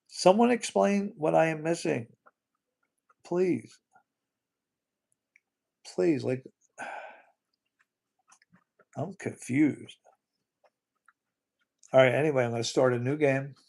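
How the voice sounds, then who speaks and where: A man hosting a casual livestream in a gravelly, somewhat high voice. He rambles, repeats words and bursts into disbelieving exclamations. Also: darkish tone. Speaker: livestream host.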